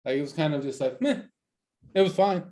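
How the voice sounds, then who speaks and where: A man co-hosting a podcast, chatting casually in a halting way, often repeating words as he starts a thought. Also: a little high, mellow. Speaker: podcast co-host. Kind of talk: casual chat.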